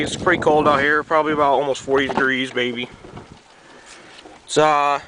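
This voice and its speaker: Out in the cold, a slightly sick young man from New York, his accent carrying a slight Southern tinge, walks a handheld camera around his truck in a casual rambling walkaround. He's offhand, rambling, and casually swears, his voice on the high side with background noise.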